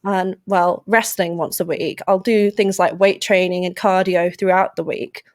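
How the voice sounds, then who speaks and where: A young woman from England with an English accent, chatting lively and playfully as a podcast guest. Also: fairly low pitch, measured pace, dry recording, studio quality. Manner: lively, playful, puts on silly voices. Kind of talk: casual interview chat.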